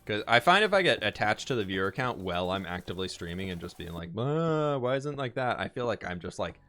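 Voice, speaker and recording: A man's voice: sits low, fast, sharp tone, faint music behind. A man streaming live, chatting casually and thinking aloud as he answers chat and builds in a game.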